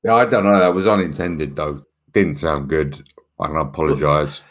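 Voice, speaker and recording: A man's voice: a bass voice, steady tone, normal speed, a bit bright. A man co-hosting a podcast in casual chat, laid-back and easily amused. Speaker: podcast co-host.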